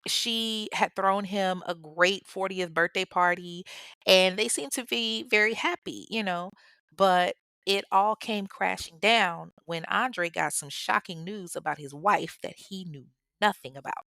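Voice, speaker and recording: This podcast host is a woman casually recounting a true-crime case, chatty and blunt, swearing freely and addressing her listeners directly. Her mid-range voice is a little slow, pushed and bright, yet smooth, and the recording is dry.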